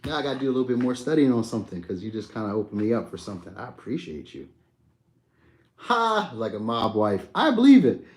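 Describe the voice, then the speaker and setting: A man's voice: mid-range voice, very animated, quick pace. Laid-back man chatting on a live stream. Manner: laid-back, slangy, talks to viewers by name. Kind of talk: casual live chat reading comments.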